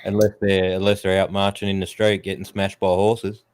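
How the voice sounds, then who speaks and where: A man with a lowish voice, talking in a rough, profane rant during a casual live-stream chat. The sound is dry and close, with no room in it. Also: monotone, moderate pace, a little mellow, no room sound. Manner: blunt and heavily profane, ranting; mocks others in raised put-on voices.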